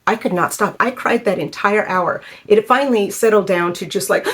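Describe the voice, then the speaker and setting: A woman in her fifties telling a personal story in a halting, emotional way, with many fillers. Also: medium pitch, a bit bright, slightly rough. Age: 50s. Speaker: vlogger.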